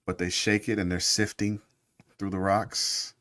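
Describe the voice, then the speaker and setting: A man's voice: fairly low pitch, level tone, a little slow, pushed and bright, no room sound, studio quality. A man guest in a casual interview, talking in a laid-back, encouraging way.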